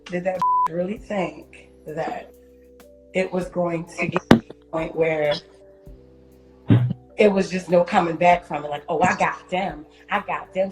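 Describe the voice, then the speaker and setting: A woman talks on a live stream, loud and profane as she tells her story with animation. The room echoes around her voice, and music plays clearly beneath it. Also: lowish voice. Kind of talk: casual chat on a social media live stream.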